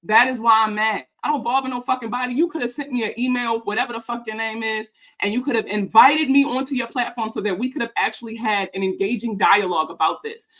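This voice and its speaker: A woman's voice: a little high, quick pace, few pauses, fairly bright tone. A young woman rants to camera, heated and emphatic, swearing freely. She sounds a little out of breath as she speaks. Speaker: personal finance content creator. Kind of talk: ranting reaction vlog.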